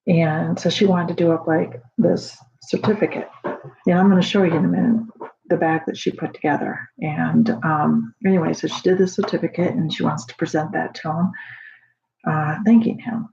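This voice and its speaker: Gravelly-voiced mom rambling heartfelt. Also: female voice, on the low side, fairly even intonation, moderate pace, dark tone, slight background noise. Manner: rambling, heartfelt, full of fillers and restarts. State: emotional, near tears at times. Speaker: proud mother sharing a story. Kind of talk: casual home video. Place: home at night. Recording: dull lo-fi home recording.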